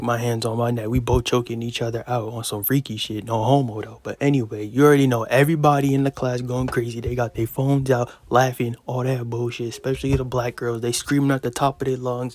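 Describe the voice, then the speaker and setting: A young man in his late teens telling a story in a vlog, animated, slangy and heavy on profanity. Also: medium pitch, no echo. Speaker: vlogger.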